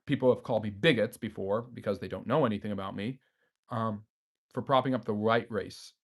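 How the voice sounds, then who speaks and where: A man's voice: fairly low pitch, a little fast. A man hosting a history live stream, reading viewers' chat messages aloud and answering them off the cuff with frequent fillers. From United States.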